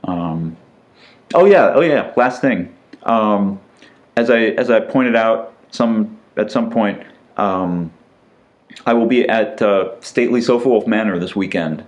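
A middle-aged man with a lowish voice, chatting loosely as a podcast co-host. He wanders through thoughts, pausing on fillers and restarting his sentences. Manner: relaxed, rambling with fillers and restarts. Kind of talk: casual chat.

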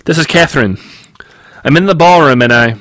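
A man's voice: fairly high pitch, a little fast, fairly bright tone, pitched above the performer's own voice, lightly acted. A man reading aloud and voicing a businesslike woman who is chief hostess, clipped and exasperated. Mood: brisk.

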